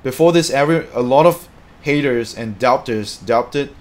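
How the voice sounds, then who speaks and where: A man chatting casually on a live stream, reading out viewer comments in an excitable, talkative way. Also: mid-range voice, normal speed.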